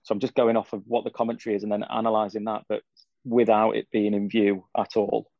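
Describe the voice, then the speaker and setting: A man's voice: fairly low pitch, level tone, quick pace, gravelly, darkish tone, no room sound, highs cut off. A young man, talking easygoing and rambling as a guest in a casual interview. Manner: easygoing, rambling, frequent fillers. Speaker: cycling pundit guest.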